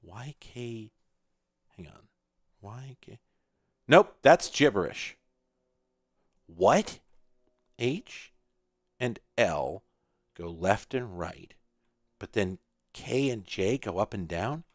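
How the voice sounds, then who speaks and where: A man's voice: fairly low pitch, expressive, drawn-out words, long pauses, dry recording, studio quality. A man hosting a retro computing video, rambling in casual, profane commentary while he plays an old computer game, breaking into sudden exclamations.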